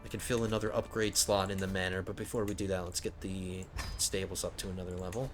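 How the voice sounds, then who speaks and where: A man's voice: low-pitched, level tone, fast talker, over music. A man hosting a strategy game let's play, thinking aloud and often stumbling over his words. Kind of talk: casual gameplay commentary.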